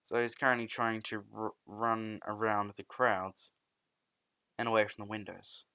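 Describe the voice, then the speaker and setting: A man's voice: fairly low pitch, level tone, a little slow, bright, forceful tone, clean tone, no room sound. A young man narrating a fan story in a rambling, loosely improvised way, often restarting sentences.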